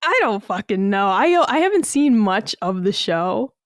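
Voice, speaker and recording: A woman chatting casually on a podcast, blunt and animated, swearing freely. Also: mid-range voice, measured pace. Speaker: podcast guest.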